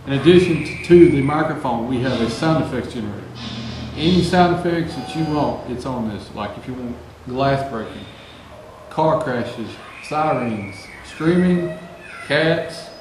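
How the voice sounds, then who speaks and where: Offhand male ghost hunter demoing gear, mid-pitched, strong room echo and noise behind. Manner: chatty, offhand explainer. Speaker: paranormal investigator demonstrating equipment. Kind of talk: casual equipment demo. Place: indoor room with equipment table. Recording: very echoey room with clear background noise.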